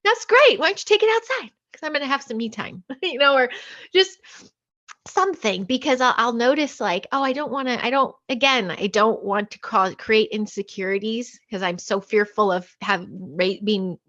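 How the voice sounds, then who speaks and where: A woman's voice: a little high, moderate pace, fairly bright tone. A mother in a casual podcast conversation, reflective, laughing lightly between her points. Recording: muffled lo-fi audio.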